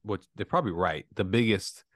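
A man's voice: deep voice, animated, brisk, fairly bright tone, dry recording, clean studio sound. A man hosting a podcast in casual chat, blunt and profane, joking with his co-hosts. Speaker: podcast host.

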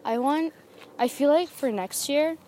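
A woman's voice: sits high, a little slow, dark tone, a little hiss or hum. A teenage girl co-hosting a podcast, chatting casually with friends in a public park, giggly and rambling with lots of fillers. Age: teens. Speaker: podcast co-host.

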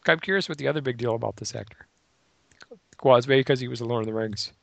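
A man co-hosting a podcast in casual chat, relaxed and agreeable, thinking aloud as he talks. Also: mid-range voice, fast, creaky. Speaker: podcast co-host.

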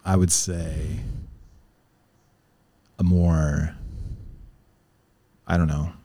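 A man's voice: very deep voice, level tone, extremely slow, dark tone, no room sound. A man in casual chat, rambling and profane, laughing often and telling stories about life in China. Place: lives in China.

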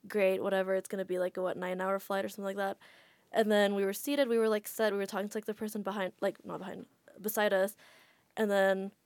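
A woman's voice: mid-range voice, darkish tone, no echo. Chatty woman telling a travel story. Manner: chatty, frequent "like" fillers. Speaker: podcast guest. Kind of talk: casual storytelling.

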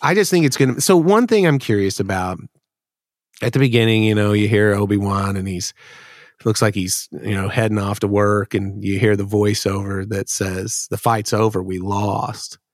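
A man's voice: on the low side, moderate pace, no echo, studio quality. A man co-hosting a podcast, chatting in a laid-back way, calling people dude and man. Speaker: podcast co-host. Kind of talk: casual chat.

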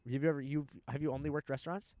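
A man's voice: fairly high pitch, very fast, slight background noise. A young man telling rambling, profane stories in casual chat. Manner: animated, profane storyteller.

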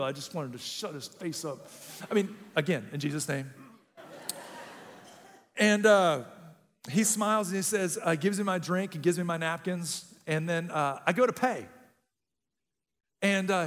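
A man's voice: sits high, animated, moderate pace, long pauses, a bit bright. A man in his thirties preaching a sermon as a pastor, telling a funny personal story with lots of energy. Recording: long reverb in a large room.

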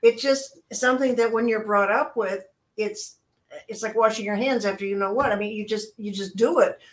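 A woman's voice: mid-range voice, normal speed. Older female guest, talkative trainer, anecdotal, acts out voices. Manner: chatty, acts out quoted voices. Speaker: guest, customer service trainer. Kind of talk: casual chat, storytelling.

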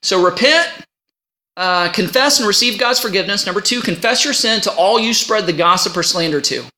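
A male pastor delivers a sermon with a pitch that swings high and low. His tone is bright and forward, and he talks in a folksy way, pausing to check on his listeners. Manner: animated, folksy, checks in with the congregation.

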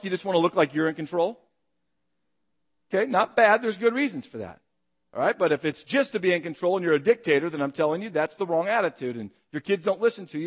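Male pastor, fairly high voice, dynamic sermon delivery with rhetorical questions. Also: long reverb tail. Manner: dynamic, rhetorical questions, acts out shouted calls.

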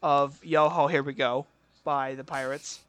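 A man's voice: mid-range voice, little pitch movement, fairly bright tone, clean tone. A young man co-hosting a podcast, chatting casually and rambling with lots of fillers and restarts. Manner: rambling, full of "like" and restarts, breaks into quick voice impressions. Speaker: podcast co-host. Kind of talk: casual chat.

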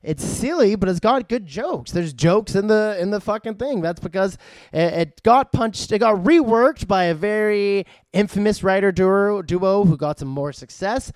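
A man reviews movies in a loose, rambling way, with plenty of uhs and casual swearing. His voice sits fairly high and comes across clean and smooth. The recording is dry and close. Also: lively intonation, normal speed, a little mellow, dry recording. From Vancouver, Canada.

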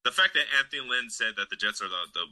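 Profane, excitable man with a bright edge. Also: on the low side, quick pace, rough recording. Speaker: podcast co-host. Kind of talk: casual sports chat.

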